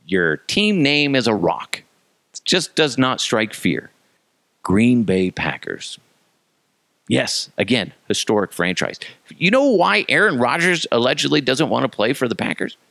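A man in his thirties rants sarcastically as a comedy host, his voice leaping up and down with a gravelly rasp. The sound is dry and close, with no room around it. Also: mid-range voice, a bit bright, no echo. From Colorado, USA. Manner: sarcastic, mocking, jumps into silly voices. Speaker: podcast host. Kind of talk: comedic solo rant.

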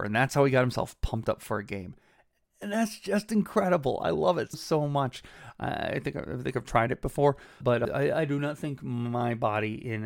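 A man in his thirties hosts a podcast and tells baseball anecdotes, clearly enjoying himself as he acts out the quoted lines. His voice sits at an ordinary middle pitch. The recording is dry and close to the mic, with no room sound. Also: no room sound. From Cleveland, Ohio. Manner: enthusiastic, quotes players in lively voices. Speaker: podcast host. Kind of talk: casual baseball storytelling.

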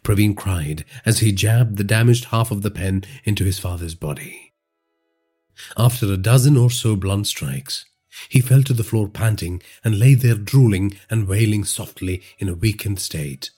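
A man with an Indian English accent narrates crime fiction in a measured, dramatic way. His voice is low, dark and husky, with a lively rise and fall. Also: soft background music. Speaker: podcast storyteller.

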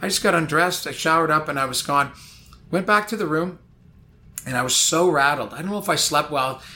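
A man telling a long anecdote in a casual chat, animated and rambling, full of "like". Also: a little high, fairly quick, a little hiss or hum. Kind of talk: casual storytelling.

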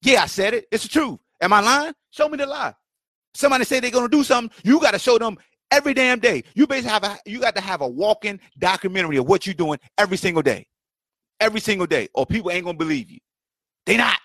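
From a home setup on a livestream, a man hosts his own podcast with impassioned solo commentary, heated and rhetorical, full of repetition and mocking questions. His voice is high, animated, fast, and a bit bright, with clean studio quality and no echo.

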